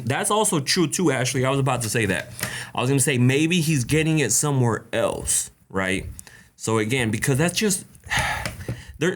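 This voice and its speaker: A man hosting a live stream Q&A, reading viewer questions aloud and answering them with blunt, animated advice, laughing often and greeting chatters by name. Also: mid-range voice. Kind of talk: casual live-stream chat.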